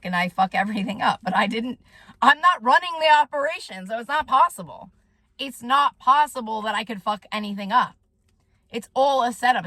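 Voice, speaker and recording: High, bright-voiced woman ranting agitatedly. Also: dry recording. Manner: agitated, profane, tags sentences with "okay?". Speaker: vlogger and soul coach. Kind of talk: direct-to-camera rant.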